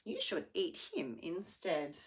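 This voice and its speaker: A woman's voice: on the low side, wildly swooping pitch, slow, exaggerated voice. A woman voicing the smallest young billy goat in a storybook read-aloud, urgent and pleading.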